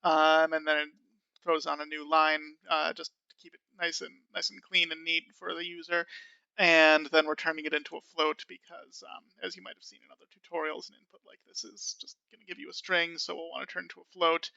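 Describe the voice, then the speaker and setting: A man talks through a coding tutorial in a relaxed, self-amused way, full of ums and uhs. His voice is fairly high and gravelly yet crisp, with a flat, even delivery. The recording is dry and a little dull. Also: a little fast, no echo. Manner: casual and self-amused, many fillers. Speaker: programming tutor.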